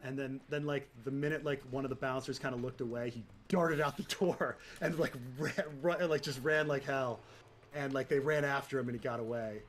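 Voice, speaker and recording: A man's voice: mid-range voice, steady tone, fairly quick, a little hiss or hum. Rambling American man, casual chat. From United States. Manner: rambling, many fillers and restarts; swears freely. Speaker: gaming streamer chatting.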